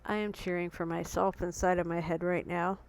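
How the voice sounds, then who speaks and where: A lowish, brisk female voice with little pitch movement comes through a rough recording. In her home vlog, a young woman earnestly and emotionally recounts a tense confrontation with quoted dialogue, still shaken, her heart pounding, sharing it as a personal story.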